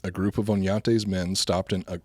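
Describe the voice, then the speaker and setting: A man's voice: low voice, flat delivery, normal speed, darkish tone, breathy edge, no room sound, clean studio sound. A man co-hosting a casual podcast, loose and profane, reading history notes between jokes. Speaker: podcast co-host.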